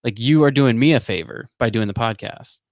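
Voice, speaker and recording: A man's voice: mid-range voice, fairly quick, a little mellow, dry recording. A man hosting a podcast interview, chatting casually with his guest and keeping his replies short and agreeing. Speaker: podcast host.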